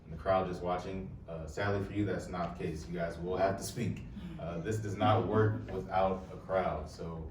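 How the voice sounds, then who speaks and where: Deep-voiced young man talking to a live crowd. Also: steady tone, normal speed, few pauses, background noise. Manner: casual, joking, addresses the crowd. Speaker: poet and presenter. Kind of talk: live talk to an audience. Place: room with a live audience. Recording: echoey room, voice heard from far off.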